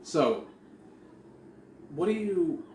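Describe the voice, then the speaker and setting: A man co-hosting a casual podcast, telling a story in a profane, animated way. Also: fairly high pitch, drawn-out words. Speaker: podcast co-host. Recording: echoey room with faint noise.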